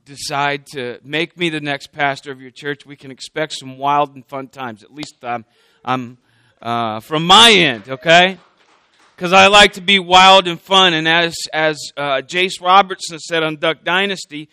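Brief: high, bright-voiced male preacher, casual and joking with the congregation. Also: smooth, no room sound. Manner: joking, conversational, checks in with the congregation. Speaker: candidate pastor preaching. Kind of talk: sermon.

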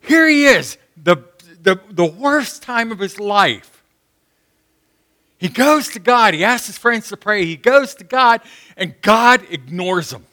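A man preaching a sermon, impassioned and rising to shouts when he acts out prayers. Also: high voice, lively intonation, slow pace. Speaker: pastor.

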